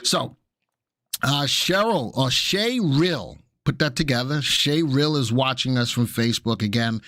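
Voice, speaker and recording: A man's voice: medium pitch, normal speed, fairly bright tone, no room sound, clean studio sound. Chatty New man hosting a livestream. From Brooklyn, New York. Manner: chatty, greets viewers by name, jokey asides. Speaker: livestream host and market instructor. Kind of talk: casual live-stream chat.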